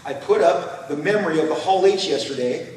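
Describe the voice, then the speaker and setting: A man in his fifties telling animated, rambling stories on a convention panel, stammering and acting out quotes. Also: a little high, a little fast, a little hiss or hum. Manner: excitable, rambling, stammering restarts, acts out quotes. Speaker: panel guest, comic creator. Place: large convention hall. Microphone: recorded from far off in the audience. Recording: echoey convention hall from far off.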